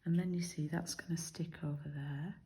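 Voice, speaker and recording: A British woman demonstrates card making in a chatty, step-by-step way. Her voice sits low, with a gravelly, mellow tone. She talks along as she works, explaining each move. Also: steady tone, normal speed, a little hiss or hum, poor audio. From United Kingdom. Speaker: craft demonstrator.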